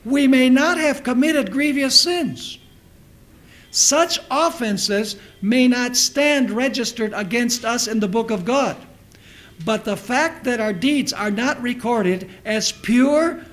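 A man's voice: extremely high pitch, a bit bright, poor audio. A pastor preaching a sermon, repeating his references and putting questions to his listeners. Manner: emphatic preacher who repeats references and asks the audience questions.

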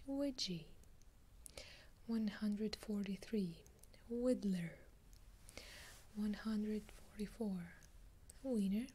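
Woman, Russian accent, whispered ASMR, very slow, breathy, deadpan list-reading. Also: medium pitch. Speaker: ASMR creator.

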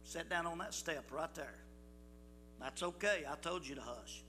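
A man's voice: on the high side, unhurried, sharp tone, slight background noise. An older man leads a children's Bible school assembly in a folksy, coaxing way, calling out to the crowd. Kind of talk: leading a children's church assembly. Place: church hall. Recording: hall reverb with music.

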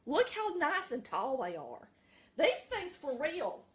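A woman's voice: high-pitched, wildly swooping pitch, slow pace. A middle-aged Southern woman with a Southern American accent, chatting folksily to viewers in a casual vlog from her home kitchen. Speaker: vlogger.

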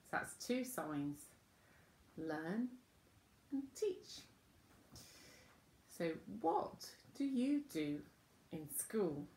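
A woman teaching children school signs, gentle and patient, naming each word with pauses. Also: on the low side, sing-song, echoey room, a little hiss or hum. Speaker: children's sign language presenter. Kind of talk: slow teaching talk to children.

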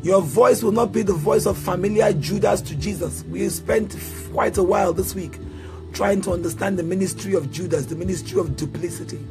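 Sing-song preaching man, high voice. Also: a little fast, over music. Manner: sing-song chanted declarations, repetitive call-and-response prompts. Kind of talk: sermon prayer.

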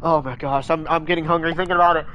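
A young man chats casually while he plays a game online. His voice sits a little high, and he whines and rants in exasperation, circling back to the same complaints again and again. Faint ambient noise hums behind him. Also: steady tone, rapid-fire, dull audio. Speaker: streamer. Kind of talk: casual gaming chat.

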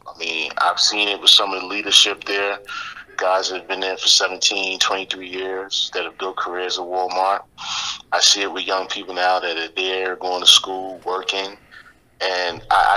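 Deep, sharp-toned middle-aged man. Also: little pitch movement, normal speed, low-quality recording. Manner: reflective, motivational, many "you know" fillers. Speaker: podcast guest. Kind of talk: casual interview talk.

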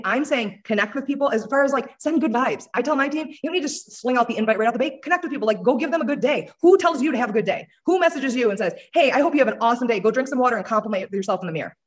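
A team leader gives an upbeat motivational talk over a video call, coaching her listeners. She speaks extremely fast, firing line after line at a medium pitch. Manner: rapid-fire, upbeat, coaching. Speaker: network marketing team leader. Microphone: video call audio.

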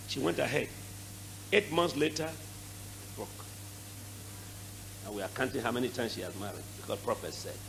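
A middle-aged man with a Nigerian accent preaching a sermon, animated, with sudden shouted bursts and dramatic drops in volume. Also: mid-range voice, moderate pace, creaky, long pauses, a little hiss or hum, poor audio. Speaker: archbishop.

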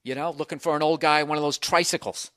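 A middle-aged Boston man rants through a comic story on his podcast, swearing freely and acting out his own panicked thoughts. His voice sits a bit high for a man, and the close mic sounds dry with no room around it. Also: fast talker, no echo. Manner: profane, animated storytelling with self-mocking inner voices. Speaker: podcast host. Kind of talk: comic monologue.

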